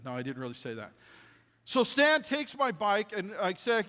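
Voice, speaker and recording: A man delivering a storytelling sermon with a slightly raised pitch. His voice carries a long reverb in a church hall. He is animated and drops to a hush when quoting others. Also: moderate pace. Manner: animated, drops to a hushed voice for quoted lines. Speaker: pastor. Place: church sanctuary.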